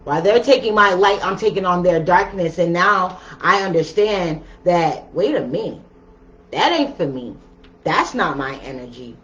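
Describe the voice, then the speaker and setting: A woman's voice: fairly low pitch, expressive, normal speed, a bit bright. Woman doing a chill tarot reading, slangy and chatty, dull lo-fi audio. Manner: chatty, slangy, talks straight to viewers. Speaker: tarot reader. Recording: dull lo-fi sound with faint ambience.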